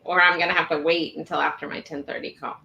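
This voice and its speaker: A woman's voice: sits low, flat delivery, quick pace, vocal fry, bright, forceful tone, muffled recording. A woman hosting a live stream, chatting casually and laughing often. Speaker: livestream host.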